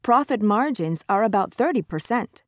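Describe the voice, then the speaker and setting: A woman's voice: medium pitch, expressive, moderate pace, no room sound, clean studio sound. A woman speaking in a scripted lesson dialogue, upbeat and making suggestions.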